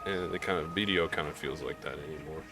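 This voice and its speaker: A man's voice: rumbling low, fast, gravelly, over music. A man from Missouri with a slight Southern drawl, talking candidly in a rambling gaming vlog, with many restarts. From Missouri, US Midwest. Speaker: gaming YouTuber. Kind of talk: casual gaming vlog commentary.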